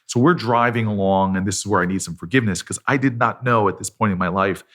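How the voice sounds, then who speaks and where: A man's voice: on the low side, fast, a bit bright. A middle-aged man, a senator on a podcast, telling a personal story in an earnest, self-deprecating way. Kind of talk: conversational storytelling.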